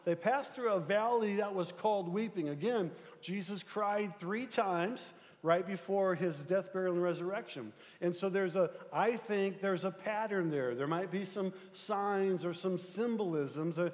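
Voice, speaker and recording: A man's voice: sits high, darkish tone. A male pastor delivering a conversational sermon, often adding fillers and checking in with the congregation. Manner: conversational preaching with frequent fillers and check-ins. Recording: long hall reverb.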